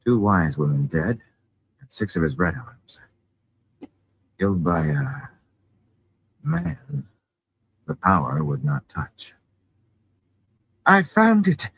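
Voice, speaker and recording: A man with a low, husky voice reads a fantasy novel aloud, his pitch rising and falling expressively. The sound is dull and lo-fi, as from a simple home microphone. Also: wildly swooping pitch, slow, long pauses, no room sound. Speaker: audiobook reader.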